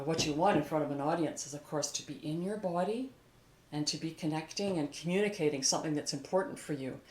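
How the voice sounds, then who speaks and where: An older woman, a vocal coach, giving a calm, encouraging singing lesson on video and talking through an exercise as she moves. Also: low voice. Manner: calm, encouraging, demonstrates while moving. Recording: echoey room.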